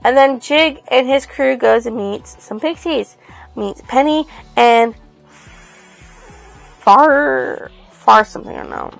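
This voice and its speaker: A woman's voice: high-pitched, slow pace, creaky, pauses often, no room sound, soft background music, low-quality recording. A woman casually recapping a book's plot, rambling and swearing freely. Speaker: book reviewer.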